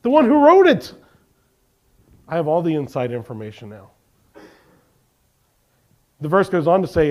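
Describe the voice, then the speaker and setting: A man preaching a sermon, reading scripture aloud and putting questions to the congregation, swinging from emphatic lines to quiet ones. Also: fairly high pitch, wildly swooping pitch, moderate pace, long pauses. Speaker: pastor.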